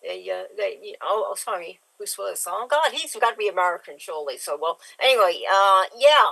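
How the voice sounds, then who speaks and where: A woman's voice: mid-range voice, expressive, fairly quick, vocal fry, sharp tone, low-quality recording. Rambling woman improviser. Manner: rambling, self-interrupting. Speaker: improv performer. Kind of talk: improv scene, playful rambling.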